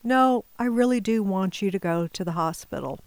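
A woman putting on a calm, steady mother. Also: medium pitch, normal speed, dry recording, lightly acted. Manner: soft, steady, quietly firm.

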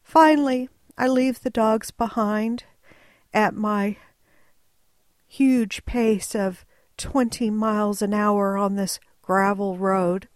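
Slow, wry woman telling a story. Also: mid-range voice, no room sound. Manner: wry, animated, slow and deliberate. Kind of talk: personal storytelling.

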